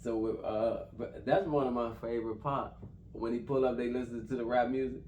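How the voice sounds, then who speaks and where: A man's voice: mid-range voice, steady tone, normal speed, darkish tone. A man reviewing a film in casual chat, retelling scenes in a loose, profane, run-together way. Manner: loose, profane storytelling, slurring phrases together. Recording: roomy, distant mic with faint background noise.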